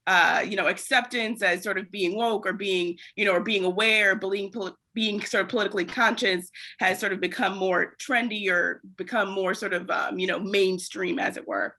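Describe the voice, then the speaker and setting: A woman's voice: mid-range voice, fairly even intonation, normal speed, few pauses, bright, forceful tone. A woman hosting an interview, asking long, thoughtful questions full of fillers and hedges. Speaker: podcast host. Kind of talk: casual conversational interview.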